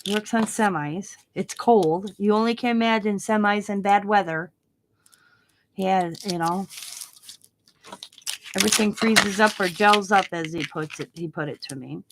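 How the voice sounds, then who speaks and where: A woman's voice: medium pitch, a little slow, background noise. A middle-aged woman chatting casually at her craft desk at home, telling a rambling story and acting out the voices of the people in it. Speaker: craft vlogger. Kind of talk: casual chat while crafting.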